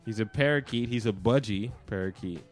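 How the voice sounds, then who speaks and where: A man's voice: lowish voice, fairly quick, soft background music. A man co-hosting a podcast, telling casual stories in a laid-back, slangy, joking way. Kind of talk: casual chat.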